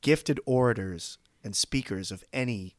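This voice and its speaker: A man co-hosting a podcast in casual movie chat, enthusiastic and quick to laugh. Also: on the low side, no room sound, clean studio sound. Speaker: podcast co-host.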